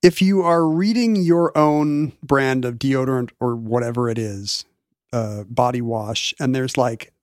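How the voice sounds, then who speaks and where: A man co-hosting a podcast in casual chat, wry and teasing, quick to throw in jokes. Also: mid-range voice, no room sound, studio quality. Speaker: podcast co-host.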